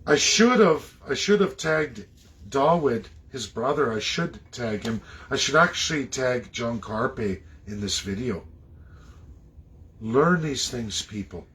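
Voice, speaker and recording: A man from Canada delivering an impassioned, preachy monologue, swinging between loud outbursts and low muttering. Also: expressive, takes it slowly. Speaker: political commentator.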